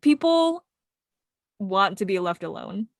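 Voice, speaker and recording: A woman's voice: mid-range voice, big pitch swings, slow pace, dry recording. Blunt supportive woman, dry sound. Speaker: podcast co-host. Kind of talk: casual chat.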